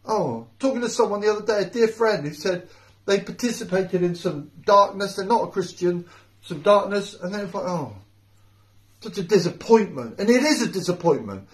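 A man's voice: high voice, expressive, moderate pace. A middle-aged man preaching an informal home sermon, earnest and repeating key phrases for emphasis. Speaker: house church preacher. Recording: roomy sound from a distant mic.

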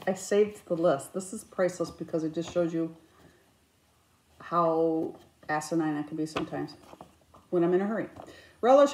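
A woman in her fifties chatting casually about her crafts, with self-mocking, animated storytelling. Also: sits low, creaky. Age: 50s. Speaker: cross-stitch vlogger. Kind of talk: casual chat. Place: indoors, her craft room. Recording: echoey room.

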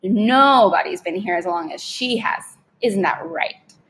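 Woman reading a knowing, unbothered girl in a storybook; high and lively. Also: a little slow. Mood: casual. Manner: casual, knowing. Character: offhand, knowing young girl.

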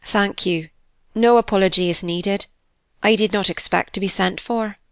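A woman voicing a meek, poor young governess in an audiobook, speaking softly and low. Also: steady tone, normal speed, clean tone, no echo, studio quality, lightly acted. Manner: soft, low, quiet.

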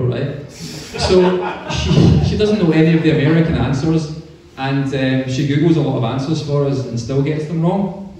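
A man with a Scottish accent doing a stand-up comedy set with deadpan storytelling. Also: a little high, very echoey, far from the mic. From Scotland. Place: hotel pub stage.

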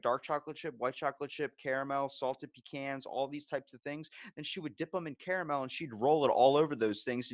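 A man chatting casually as a podcast host, his mid-range voice recorded dry and close. He tells stories with lively acted-out quotes and curses freely. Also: mid-range voice, dry recording. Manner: animated storyteller, acts out quotes, swears. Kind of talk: casual chat.

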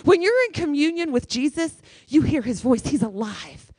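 A woman guest speaker preaches in church with emphatic, repeated phrases. Her voice sits fairly high. The sound is dry and close, with little room echo. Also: sing-song, moderate pace, darkish tone. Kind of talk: sermon.

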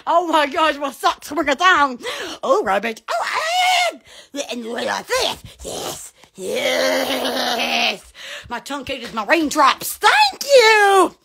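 A woman's voice: high-pitched, big pitch swings, takes it slowly, creaky, bright, forceful tone. A woman hosting a casual livestream, giggly and rambling with frequent exclamations. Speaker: livestream host. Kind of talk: casual Instagram livestream chat.

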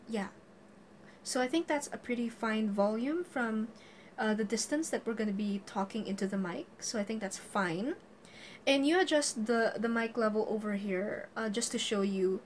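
A woman with a somewhat high voice talks through a casual equipment tutorial. She is chatty and giggly and laughs often. Jokey asides break up the steps, and a faint hiss sits under the recording. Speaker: tutorial host.

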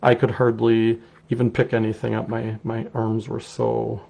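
Gravelly-voiced Wisconsin man teaching clay. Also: medium pitch, normal speed. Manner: relaxed, chatty, explains while working. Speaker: clay artist teaching a technique. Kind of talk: casual live demonstration.

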